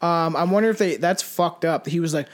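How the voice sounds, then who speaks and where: A man with a high voice chats casually and profanely on a podcast. He reads out dark trivia but keeps breaking off with fillers and laughter. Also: a little fast. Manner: loose and profane, many fillers, laughs often. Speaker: podcast co-host.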